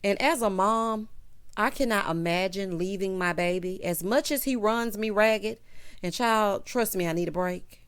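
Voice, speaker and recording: A young adult woman, host of a casual reality show recap, talking in a sassy, animated way and calling her listeners honey and child. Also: mid-range voice.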